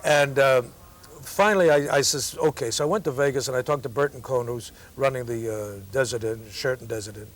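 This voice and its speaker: A man's voice: mid-range voice, a little fast. A man in his sixties, a comedian and interview guest, telling rambling anecdotes in casual conversation. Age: 60s. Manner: rambling anecdotal, repeats "I says".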